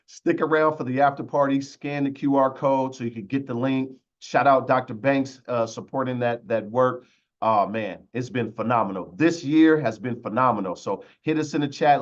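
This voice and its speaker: A man hosting a webinar with lots of energy, giving shout-outs in a loose, slangy way over a video call. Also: medium pitch, dull audio. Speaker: webinar host.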